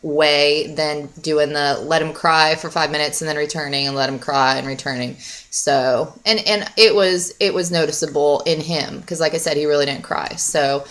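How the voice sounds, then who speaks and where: A woman's voice: deep voice, fairly even intonation, moderate pace, a bit bright. A young woman chatting casually to camera as a mom vlogger, rambling with many fillers.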